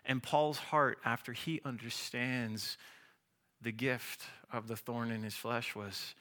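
Animated, bright-voiced male pastor. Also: mid-range voice, unhurried. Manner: animated, acts out voices of biblical figures. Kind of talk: sermon.

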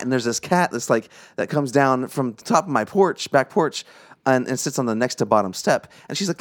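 A young man telling a late-night anecdote in casual podcast chat, his voice sitting at an ordinary middle pitch. He drifts in and out of quoted dialogue as he goes, keeping it loose and conversational. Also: a little fast. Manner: animated anecdote telling, acts out quoted lines. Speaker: podcast co-host.

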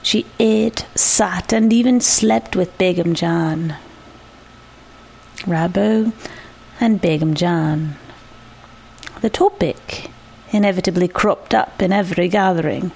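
A woman reading a short story aloud, measured and reflective. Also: on the low side, creaky, darkish tone, husky. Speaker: narrator.

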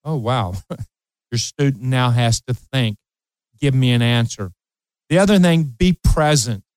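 His voice sits a little high, clear and resonant: a man in his late sixties who hosts an advice show and coaches. He talks emphatically to parents, repeats key phrases, and recounts a personal anecdote. No room sound, but the recording is low quality.

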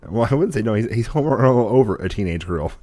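A man's voice: mid-range voice, expressive, fast talker, a little mellow, no room sound, studio quality. A young man hosting a podcast in casual chat, rambling and laughing, with frequent restarts. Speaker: podcast host. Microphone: podcast microphone.

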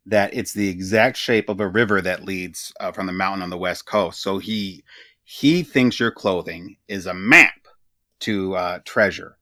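A man co-hosting a podcast, summarizing game material in a halting, casual way with many filler words. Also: sits low, bright, forceful tone, dry recording, studio quality. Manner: halting, with frequent "uh" and "um". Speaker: podcast co-host.

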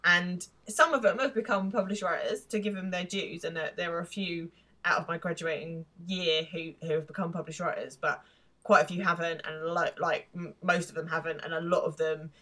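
A woman's voice: fairly low pitch, steady tone, a little fast, sharp tone. Rambling young woman podcaster. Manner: rambling, many restarts. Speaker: podcast co-host. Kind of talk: casual chat.

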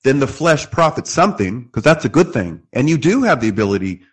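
A man's voice: mid-range voice, big pitch swings, brisk, husky. A man earnestly explaining scripture in a theological discussion, quoting verses as he goes.

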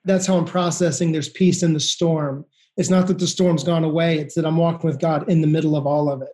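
A man on a prayer call thinking aloud in a soft-spoken way. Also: a little high, steady tone, a little fast.

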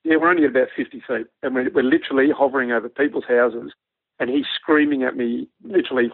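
A man with an Australian accent, a former army pilot, telling a lively anecdote and acting out the dialogue. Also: medium pitch, quick pace, husky, no echo. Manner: animated yarn-spinning, acts out quoted dialogue. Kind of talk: storytelling anecdote on radio. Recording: narrow phone-like radio line, dry.

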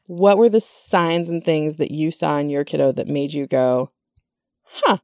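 A woman's voice: deep voice, moderate pace, mellow, dry recording, studio quality. A woman hosting a casual conversation, chatty, with many fillers and asides.

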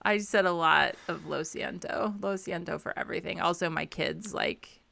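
Middle-aged woman, podcast co-host, low voice, gravelly fry, teasing, laughing. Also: normal speed, sharp tone. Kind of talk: casual chat.

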